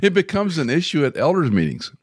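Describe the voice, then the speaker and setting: A middle-aged man hosting a podcast, telling stories in a folksy way and getting animated when he quotes others. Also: fairly high pitch, fairly quick, breathy edge, dry recording, clean studio sound. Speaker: podcast host. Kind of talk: podcast interview conversation.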